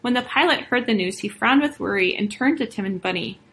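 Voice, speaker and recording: A woman reading a children's story aloud as storyteller, expressive and lively. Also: a little high, brisk, slight background noise, low-quality recording.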